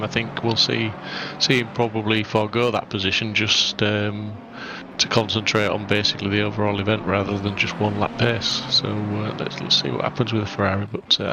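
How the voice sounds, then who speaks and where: A co-commentator explains how overtakes are set up, in a low voice full of gravelly fry. He talks things through step by step. A clear hiss of noise runs under the stream. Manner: analytical, explains racing tactics. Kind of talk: live race commentary.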